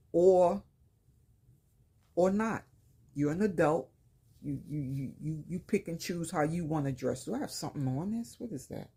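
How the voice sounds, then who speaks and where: A woman in her fifties from Brooklyn, New York, with a Brooklyn accent and a rough, slightly raspy voice, chatting casually to viewers about a shopping haul in a plain-spoken way with slang. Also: low voice, dark tone. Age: 50s. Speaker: lifestyle vlogger.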